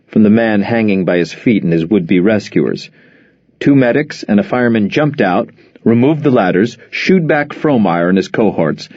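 A man with a lowish voice narrates an audiobook from a script, telling the story in a steady, measured way. The recording is dry, dull, and lo-fi, with no room sound.

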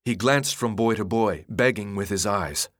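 A man reading a novel aloud in a dramatic, expressive narration style. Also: on the low side, moderate pace, no room sound, clean studio sound. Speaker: audiobook narrator. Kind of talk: scripted narration.

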